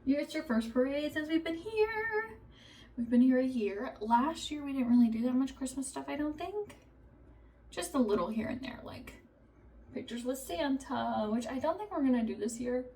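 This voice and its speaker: A woman in her thirties, a mother of three, chatting casually to camera and telling family stories with animated quoted lines. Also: high voice, normal speed, recorded from a distance, slight background noise.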